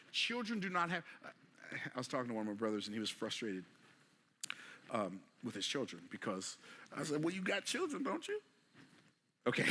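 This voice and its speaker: A man preaching a motivational sermon, asking rhetorical questions in a casual, everyday way and moving between quiet passages and emphatic ones. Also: medium pitch. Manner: casual vernacular delivery.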